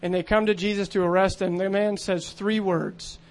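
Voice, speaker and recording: Guy preaching a sermon, kinda high voice, earnest and chatty, lots of ums. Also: steady tone, moderate pace. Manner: earnest, conversational preaching with many fillers.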